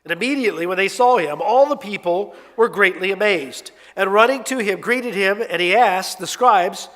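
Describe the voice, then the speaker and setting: A man preaching a sermon in an expressive, conversational storytelling way with emphatic swings. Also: high-pitched, moderate pace. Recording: long hall reverb.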